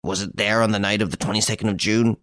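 A man's voice: on the low side, little pitch movement, quick pace, a bit bright, no room sound, natural voice. A man voicing a desperate, cornered blackmailer in an audiobook, sullen and bitter.

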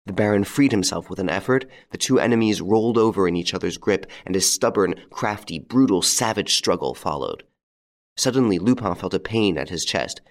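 A man narrating an audiobook in a measured, steady storytelling manner. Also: low voice. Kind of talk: scripted narration.

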